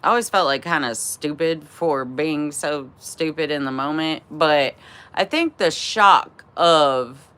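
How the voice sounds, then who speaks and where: A woman in her thirties speaks to a livestream audience, telling a long personal story. Her voice sits low yet sounds bright and forceful. She swears freely, laughs often, and leans on fillers. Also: measured pace. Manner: profane, laughing, lots of fillers. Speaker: livestream host. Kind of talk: casual storytelling to a live chat.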